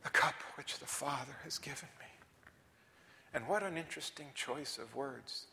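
A male preacher giving a sermon, swinging between shouted emphasis and hushed whispers. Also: medium pitch, moderate pace, vocal fry. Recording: reverberant hall.

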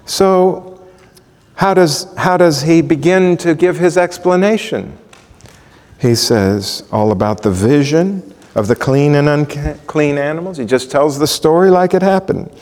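A pastor with a fairly high, slightly mellow voice teaches a Bible sermon at a measured pace, walking listeners through verses. He poses rhetorical questions to the congregation, and the recording carries long hall reverb.

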